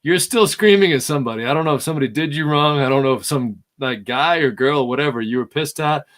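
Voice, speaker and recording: A middle-aged man hosting a podcast, telling a story in a casual, animated way and laughing often. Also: on the high side, fast talker. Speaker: podcast host.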